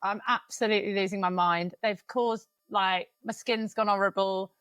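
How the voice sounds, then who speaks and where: A woman's voice: medium pitch, fairly even intonation, moderate pace, a bit bright, smooth, dry recording. Woman, 30s, podcast co-host, frank and emotional, swears a bit, dry close mic. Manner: frank, emotional and swearing, speeds up when venting. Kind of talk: casual podcast chat.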